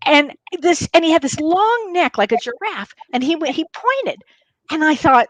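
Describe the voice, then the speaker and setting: A middle-aged woman co-hosting a talk show, telling a personal story in a lively, animated way. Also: very high voice, moderate pace, dry recording, low-quality recording. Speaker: co-host. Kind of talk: casual chat, personal storytelling.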